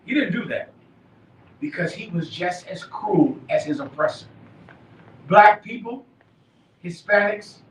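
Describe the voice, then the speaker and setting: A man leading a live class, preaching emphatically, dropping quiet then shouting. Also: high voice, lively intonation, measured pace, pauses often, a little hiss or hum. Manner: emphatic, swings from quiet to shouting, laughs and swears. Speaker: class leader. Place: live meeting room. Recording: echoey room from far off.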